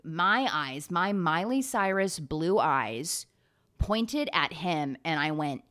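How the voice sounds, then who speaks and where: Young woman riffing on a tv show, sarcastic and rambly, swears a lot, kinda low voice. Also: expressive, slow pace, a bit bright. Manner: rambling, sarcastic, swears freely, laughs often. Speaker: podcast host. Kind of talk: casual comedic recap.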